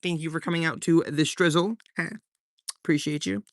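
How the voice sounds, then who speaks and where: A man's voice: a little high, fairly even intonation, normal speed, no room sound, studio quality. A man hosting a live stream in a casual, slangy way, reading out viewer comments and thanking people one by one.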